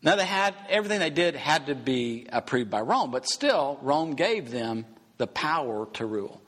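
A man's voice: mid-range voice, sing-song, normal speed, fairly bright tone. A man preaching a sermon, teaching emphatically and asking rhetorical questions. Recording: long hall reverb.

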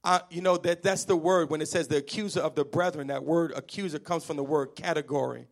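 A man preaching a sermon, animated and emphatic, calling on the congregation to answer back and sometimes half-singing his lines. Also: on the high side, fairly quick, vocal fry. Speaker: pastor.

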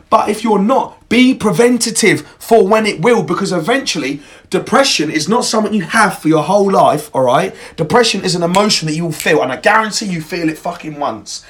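A young man hosting a podcast, giving a blunt, emphatic motivational monologue full of swearing. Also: high voice. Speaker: podcast host.

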